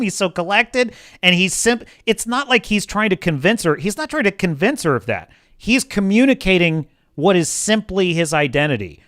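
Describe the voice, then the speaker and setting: A man's voice: high voice, expressive, moderate pace, hardly any pauses, fairly bright tone, dry recording, studio quality. A man hosting a livestream, giving passionate, opinionated film commentary and greeting his chat. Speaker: livestream host.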